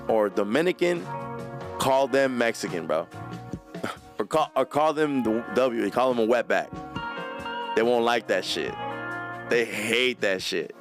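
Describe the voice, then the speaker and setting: A man hosting a late-night livestream, telling a story in an animated, slangy way and laughing often. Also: medium pitch. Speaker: livestream host. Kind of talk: casual storytelling rant.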